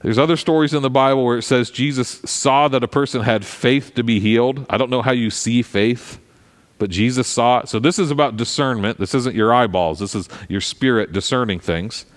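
A pastor giving a sermon in a conversational, animated way, with frequent asides to the congregation. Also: male voice, medium pitch, moderate pace. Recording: long hall reverb.

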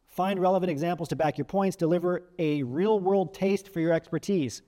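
A career coach gives advice to camera in a large hall, speaking casually with frequent "right?" asides and restarts. He demonstrates vocal techniques by shifting emphasis and volume, using a high, dark-toned voice at a fairly quick pace.

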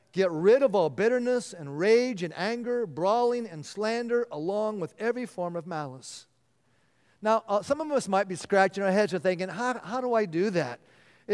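A male pastor delivering an earnest sermon, often dropping to a hushed voice to stress a point. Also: sits high. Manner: earnest, drops to a hushed voice for emphasis. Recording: long reverb of a large hall.

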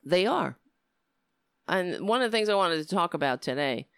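Animated, profane livestream ranter. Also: mid-range voice, moderate pace, smooth, dry recording, studio quality. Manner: heated, profane political ranting. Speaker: livestream host. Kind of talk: casual livestream talk.

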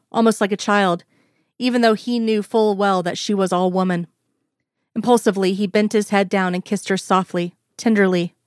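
A woman reads an audio story aloud in a calm, measured manner. Her voice sits in a middle range for a woman. The recording is close and dry, with no room sound. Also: mid-range voice, dry recording. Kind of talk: audiobook narration.

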